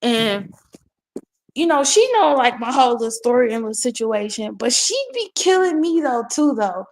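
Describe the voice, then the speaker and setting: A woman's voice: a little high, animated, moderate pace, a little mellow, slight background noise. A woman in her forties telling a rambling story with frequent giggles, in a casual chat.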